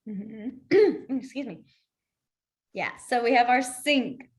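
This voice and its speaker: A woman's voice: fairly high pitch, lively intonation, slow pace. Chatty woman teaching a class. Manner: chatty, encouraging, laughs often. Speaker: sign language teacher. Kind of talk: casual online class instruction.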